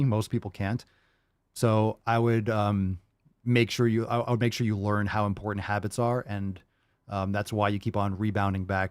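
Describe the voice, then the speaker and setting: A man's voice: on the low side, no room sound, clean studio sound. A man hosting a casual livestream, answering viewer questions and telling rambling, profane stories.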